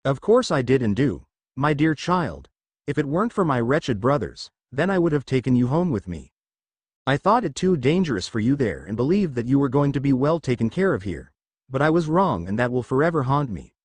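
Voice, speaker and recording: Man voicing a gentle ancient father god, soft-spoken, apologetic, animated pitch, dry sound. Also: brisk, slightly rough, no echo. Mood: tender, remorseful. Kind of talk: fan fiction story reading.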